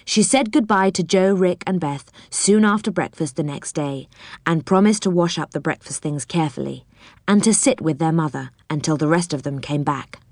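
Low-voiced woman reading a storybook. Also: normal speed, a little mellow, no room sound, studio quality. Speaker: narrator. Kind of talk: reading a children's storybook aloud.

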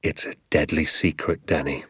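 A man voicing an excitable, scheming father in an audiobook, talking in a hushed, conspiratorial way. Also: rumbling low, moderate pace, slightly rough, no echo, clean studio sound, voice pushed down, full character voice. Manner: conspiratorial, hushed then fervent. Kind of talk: audiobook character voice.

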